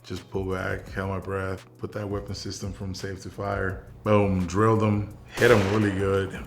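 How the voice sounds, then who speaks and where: A young man from South Texas, an interview guest and military veteran, telling casual stories in a relaxed, rambling way with many fillers. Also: low-pitched, normal speed, vocal fry, music in the background.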